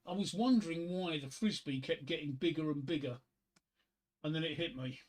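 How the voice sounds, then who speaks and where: A man's voice: fairly high pitch, normal speed, a little mellow. A middle-aged man chatting casually on his live stream, rambling between topics and reading corny one-liner jokes aloud at a home desk microphone.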